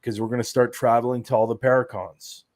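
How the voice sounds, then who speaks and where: A man's voice: mid-range voice, fairly even intonation, fairly quick, darkish tone. A man talking as a guest on a casual podcast, laying things out in a loose, rambling way and padding his sentences with fillers. His voice sits in an ordinary middle register, and it sounds dry and close, with no room echo. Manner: rambling, explaining, many fillers. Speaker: guest, event organizer.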